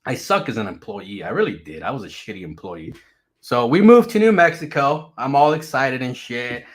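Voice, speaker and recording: A man casually telling his life story to viewers, animated and full of swearing, swinging between loud bursts and low mutters. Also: moderate pace.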